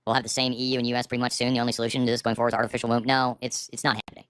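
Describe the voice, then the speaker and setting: A middle-aged man vents on a livestream from his home, cursing and bitter. His voice is tense and forceful, and his despair is plain. His streaming microphone keeps the sound close. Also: medium pitch, little pitch movement, very fast, clear, resonant tone. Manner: bitter, profane, despairing ranting. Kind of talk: livestream rant. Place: at home, seated. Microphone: streaming microphone with auto gain.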